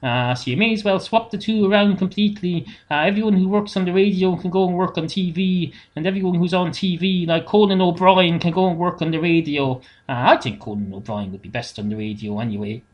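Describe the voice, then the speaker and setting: Irish man, deadpan, meandering, filler-heavy, solo comic monologue, self-recorded at home. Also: sits high, brisk, few pauses, lo-fi sound. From Ireland. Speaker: comedic monologist. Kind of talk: rambling solo comedy monologue. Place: home setup. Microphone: self-recorded into editing software on a computer, no monitoring.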